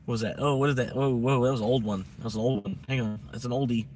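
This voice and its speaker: A laid-back man rambles through a casual live stream and chuckles often. His voice sits at an ordinary middle pitch. A faint hum of ambience runs underneath. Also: fairly even intonation, quick pace, darkish tone.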